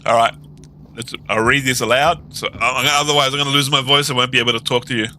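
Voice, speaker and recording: A man live-streaming, chatting casually and slowly repeating viewers' questions word by word as he types them. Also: medium pitch, fairly even intonation, sharp tone, slight background noise. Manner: slow, repeats questions word by word while typing.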